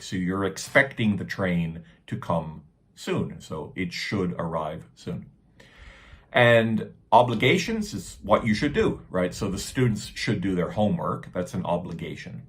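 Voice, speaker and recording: A man with an American accent teaching English grammar, patiently explaining and acting out example sentences. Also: sits low. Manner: patient, repeats points, acts out example sentences.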